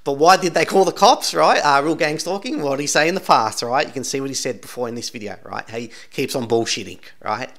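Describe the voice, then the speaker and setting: A man's voice: medium pitch, fast talker, hardly any pauses, a bit bright. A man talking through video clips in casual commentary, insistent and rambling, tagging almost every sentence with "right?". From Australia. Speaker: channel host commenting on videos.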